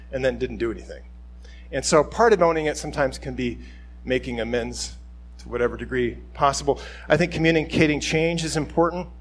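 A man's voice: medium pitch, slightly rough. A middle-aged man, a pastor, giving an informal, conversational sermon and acting out quoted speech along the way.

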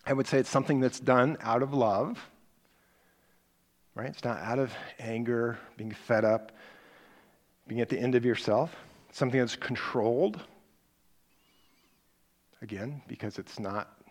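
Middle-aged male preacher, conversational sermon delivery, animated storyteller. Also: medium pitch, normal speed, long pauses.

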